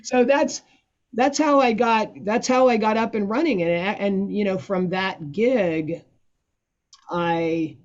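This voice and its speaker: A man's voice: sits high, slow, highs cut off. A man in his sixties telling a long personal story as an interview guest, rambling with frequent restarts and acting out the voices he quotes. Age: 60s.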